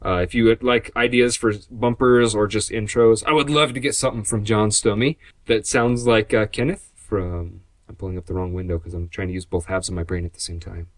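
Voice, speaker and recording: A man's voice: on the low side, level tone, brisk, dry recording. A man hosting a podcast in casual chat, rambling and joking in a sarcastic way. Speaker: podcast host; graphic designer.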